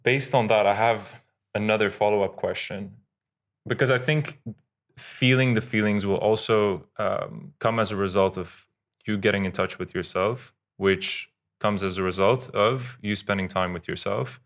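Male podcast host, lower voice, thoughtful probing questions. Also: fairly even intonation, moderate pace, a bit bright. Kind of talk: podcast interview.

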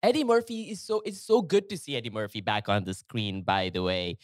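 Male co-host, relaxed film chat, agreeable and chatty, dry close-mic sound. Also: on the low side, no room sound. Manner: agreeable, quick back-channel responses. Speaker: podcast co-host. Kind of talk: casual film-review chat.

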